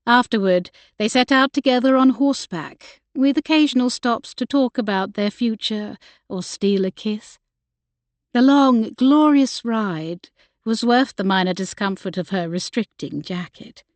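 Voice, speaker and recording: A woman narrating a historical romance audiobook in a gentle, measured way. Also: on the high side, no room sound. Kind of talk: scripted narration.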